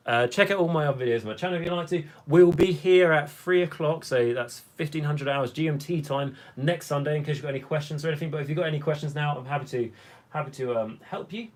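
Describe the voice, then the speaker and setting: A young man with a voice on the high side hosts a long hobby livestream, sounding hoarse and worn after hours of talking. He rambles casually and unhurriedly, reading viewers' comments out loud.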